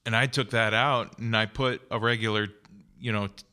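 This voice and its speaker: Male podcast co-host, bright and forceful, lowish voice, chatty storyteller. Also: fairly even intonation, normal speed, clear, resonant tone. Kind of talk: casual chat.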